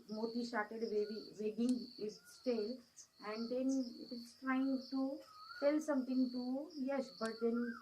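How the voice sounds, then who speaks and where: Brief: Indian-accented woman teacher, fairly high pitch, patient, repeats and quizzes the class. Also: warm tone, slight background noise, poor audio. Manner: repetitive, checks understanding with questions. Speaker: schoolteacher. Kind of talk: English lesson story reading.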